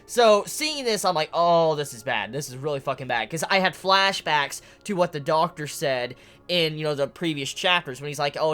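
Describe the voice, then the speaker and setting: A reviewer talking casually through a comic chapter, swearing freely and acting out the characters' lines with bursts of excitement. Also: medium pitch. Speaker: manga reviewer. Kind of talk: casual video commentary.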